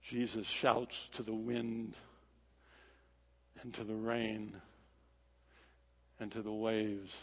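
A man preaching a sermon in a dramatic, rhythmic delivery that swings from loud to hushed. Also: lowish voice, level tone, slow, pauses often. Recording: echoey hall.

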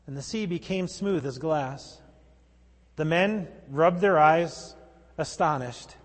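Male pastor, sermon, high voice, wry conversational preaching, long church reverb. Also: normal speed. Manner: conversational, wry preaching with sudden emphatic outbursts. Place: church sanctuary.

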